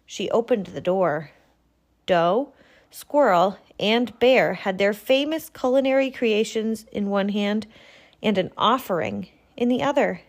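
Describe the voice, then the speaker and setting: A woman reading a picture book aloud to a child, gentle and expressive. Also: mid-range voice, unhurried.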